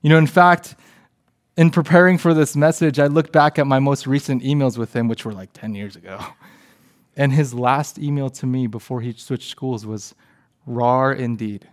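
A man in his thirties giving a sermon, telling a personal story and often dropping to a soft hush. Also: mid-range voice, steady tone, normal speed. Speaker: pastor.

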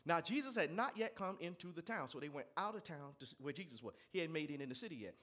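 A male pastor a sermon, reading scripture and breaking into lively asides to the congregation. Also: fairly high pitch, fast. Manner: animated preaching with asides to the congregation.

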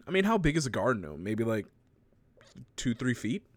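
A man's voice: mid-range voice, very animated, normal speed, husky, no echo. A man casually recapping a story with a co-host, laughing often and swearing freely.

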